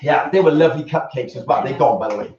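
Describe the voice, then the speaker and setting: A man's voice: medium pitch, quick pace, a little mellow. A man teaching a dance class on a live stream, chatty, counting the steps aloud. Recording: roomy, distant, dull live stream.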